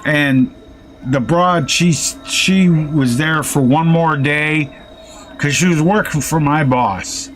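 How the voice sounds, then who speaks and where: A man's voice: a little high, takes it slowly, fairly bright tone, a little hiss or hum. A man telling a rambling, profane story while playing a game. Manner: profane, rambling anecdote with quoted threats. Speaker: gaming streamer. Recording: faint music underneath.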